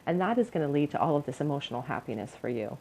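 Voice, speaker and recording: Low-voiced woman reading tarot. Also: big pitch swings, racing, warm tone, a little hiss or hum, poor audio. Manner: encouraging, earnest, with fillers. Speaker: tarot reader. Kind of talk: pick-a-card tarot reading.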